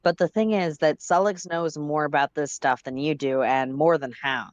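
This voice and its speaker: Casual stream reader, mid-pitched, dry close mic; narrates a fan story, laughs and swears between lines. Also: fairly even intonation, normal speed, dry recording, dull audio. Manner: reads in second person, breaks off to laugh and swear. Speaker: livestream co-host reading a fan story. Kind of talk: casual read-aloud narration with chatty asides.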